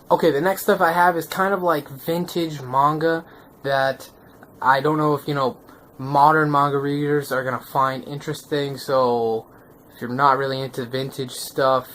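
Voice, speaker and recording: A man reviewing manga in a casual vlog, excitable and slangy, often checking in with the viewer. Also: on the high side, slight background noise. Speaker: manga vlogger.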